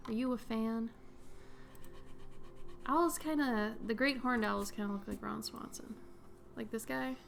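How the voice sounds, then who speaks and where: Young woman, slightly higher voice, giggly and rambling, casual art-stream chatter. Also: measured pace, vocal fry, long pauses, slight background noise. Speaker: artist streamer. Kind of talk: casual chat while drawing.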